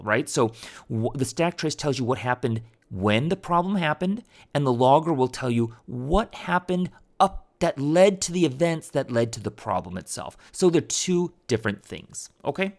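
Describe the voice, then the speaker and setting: A man's voice: mid-range voice, animated, moderate pace, a little mellow. A man teaching a programming tutorial over a screen recording, talking casually and thinking aloud with fillers and restarts.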